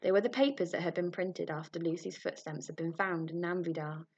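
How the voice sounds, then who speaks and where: A woman reading a storybook aloud with lively expression. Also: lowish voice, a little fast, husky. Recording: muffled lo-fi recording.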